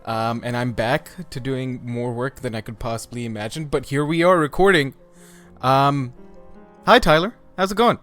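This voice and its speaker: A man's voice: medium pitch, normal speed, fairly bright tone, faint music behind. A man hosting a casual podcast chat, upbeat and often hesitant, with frequent ums and uhs. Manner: upbeat, hesitant with many fillers. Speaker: podcast host.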